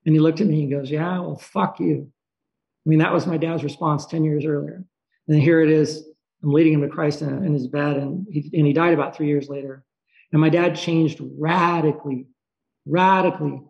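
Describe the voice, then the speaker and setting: A man with a gravelly, somewhat high voice tells a personal story. He speaks haltingly and with emotion, pausing and restarting as he goes. The recording sounds dull and lo-fi. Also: fairly even intonation. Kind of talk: personal storytelling, reflective monologue.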